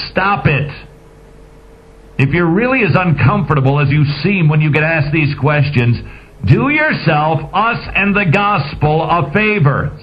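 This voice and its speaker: A man hosting a radio talk show, giving emphatic, sarcastic, preachy commentary on lo-fi audio. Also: high-pitched. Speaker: radio host.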